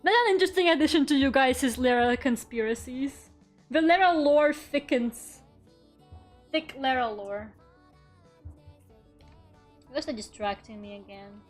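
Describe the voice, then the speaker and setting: High-voiced woman streamer chatting while drawing. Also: unhurried, long pauses, faint music behind. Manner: chatty, playful, mutters while working, sudden dramatic shrieks. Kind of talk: casual live-stream chat while drawing.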